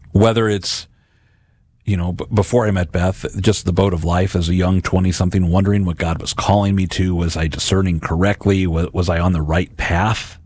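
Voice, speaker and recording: A man's voice: sits low, dry recording. A man in his forties giving an earnest, conversational reflection on the gospel, often repeating words as he talks.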